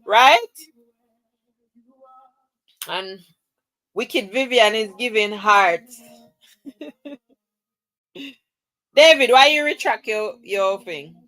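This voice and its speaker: Slow, bright-voiced woman hosting a live chat. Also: medium pitch, no echo, rough recording. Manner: teasing and chatty, laughs often. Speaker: livestream host. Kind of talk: casual live chat reading viewer comments. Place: at home, camera off.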